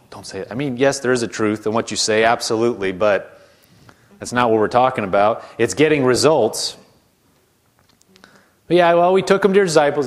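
Man, preacher, sermon, conversational, slightly high pitch, mocking asides. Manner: conversational, mimics doubters in hushed mocking voices; stretches out key words slowly for emphasis.

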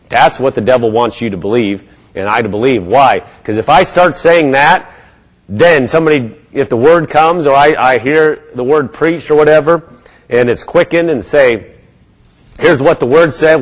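A man preaching a sermon, switching between a low, gloomy inner voice and bold, rising declarations. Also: animated, normal speed, rough recording. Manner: acts out a gloomy mumbling inner voice, then lifts to bold declarations.

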